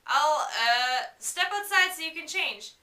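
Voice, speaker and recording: A woman's voice: high voice, expressive, slow, sharp tone, distant mic, voice pushed up, full character voice. A woman voicing an anxious, protective teenage boy, urging and pleading, recorded in an echoey room away from the mic. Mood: worried. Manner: urgent, pleading.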